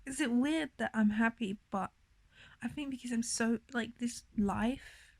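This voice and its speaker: A woman's voice: a little high, unhurried, a little mellow, no room sound. A young woman vlogging to camera, rambling and emotional, near tears, with many fillers. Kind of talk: casual confessional vlog.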